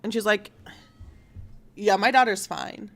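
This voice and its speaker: A woman's voice: medium pitch, fairly even intonation, unhurried, fairly bright tone. A young woman hosting a casual online news show, retelling a story animatedly and acting out the quotes with plenty of swearing.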